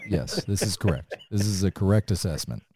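Low, lively, wry-voiced man. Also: brisk, a little hiss or hum. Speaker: podcast co-host. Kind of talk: casual banter.

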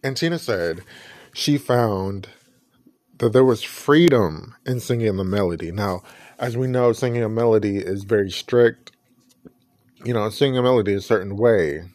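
Soft-spoken man in casual talk. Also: fairly low pitch, normal speed, no echo, studio quality. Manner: rambling, self-correcting, emotionally open. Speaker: vlogger reviewing a documentary. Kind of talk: casual personal review monologue.

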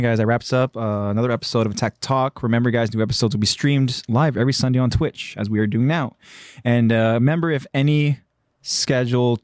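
A man's voice: mid-range voice, darkish tone, no echo. Chill young guy host, close dry mic, lots of ums. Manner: easygoing, loose outro plugs with many fillers. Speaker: podcast host. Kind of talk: casual livestream podcast chat.

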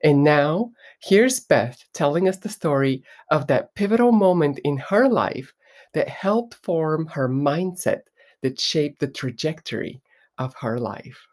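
A podcast host opens the episode with a scripted introduction. The delivery is smooth and clearly read aloud. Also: mid-range voice, animated, a little slow, darkish tone.

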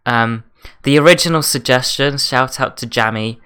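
Smooth-voiced young English podcast host. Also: male voice, mid-range voice, normal speed, sharp tone. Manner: stammering, laughs easily. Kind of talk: casual chat.

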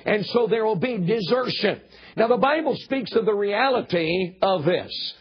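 An older man preaches in a church in a very husky, rough voice that sits rather high. He drives his points home with emphatic repetition and pleading appeals. The recording sounds dull and lo-fi. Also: lively intonation, unhurried. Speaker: guest preacher. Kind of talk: sermon. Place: church building.

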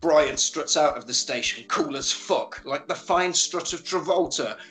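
A man's voice: on the high side, unhurried, a bit bright, reverberant. A man casually recapping a film plot on a podcast, swearing and acting out lines as he goes. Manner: retells scenes with acted-out quotes and swearing.

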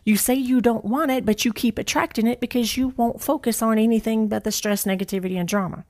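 A woman giving a motivational talk, blunt and emphatic, repeating her key phrases, slowing down to stress her words and swearing casually. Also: fairly high pitch, steady tone, darkish tone. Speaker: motivational speaker and author.

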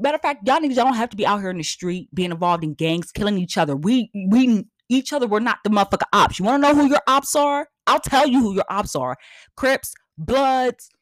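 A woman's voice: on the high side, no echo, clean studio sound. A woman hosts a podcast in a blunt, profane, repetitive rant. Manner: profane, blunt, repeats herself for emphasis. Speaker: podcast host. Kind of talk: casual ranting monologue.

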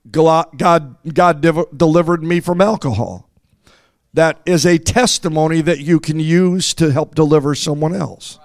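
High gravelly guy preaching, shouts a lot, says uh a lot, dry close sound. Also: no room sound. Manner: rises to shouting, with jokes and asides to the congregation; fills pauses with "uh". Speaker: pastor. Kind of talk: preaching a sermon.

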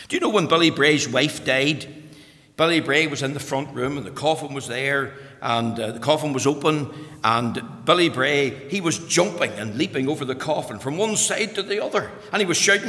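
A man preaching a sermon, swinging between loud, fervent exclamations and hushed asides. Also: a little high, expressive, normal speed, big-room sound. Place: church.

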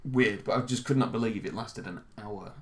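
A man's voice: on the low side, a little fast, fairly bright tone. A young man, co-hosting a casual chat show, hungover and rambling with lots of fillers. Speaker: podcast co-host.

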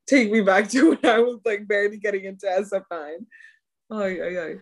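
A young woman co-hosting a podcast, chatting in an animated way and ranting with laughter. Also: mid-range voice, a little fast. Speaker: podcast co-host. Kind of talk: casual chat.

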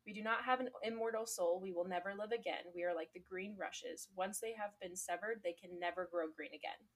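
A solemn old mermaid grandmother from a storybook, read aloud by a woman. The delivery is plain and steady, a reading more than a performance. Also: mid-range voice, fairly quick, natural voice. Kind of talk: reading a fairy tale aloud.

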